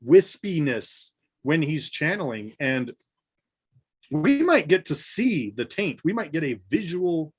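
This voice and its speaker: A man co-hosting a casual podcast chat, enthusiastic and quick to laugh. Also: on the high side, sing-song, slightly rough. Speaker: podcast co-host.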